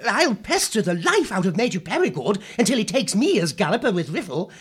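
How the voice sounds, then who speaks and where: A man's voice: high voice, brisk, breathy edge, voice pushed up, heavily acted. A man doing eager young hare lads. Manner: excited, jolly, breathless.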